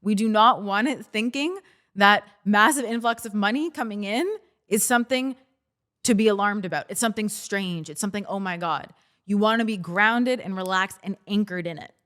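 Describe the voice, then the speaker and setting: A woman hosting a self-help podcast, talking casually and coaching listeners, acting out their excited reactions. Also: medium pitch, moderate pace. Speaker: podcast host.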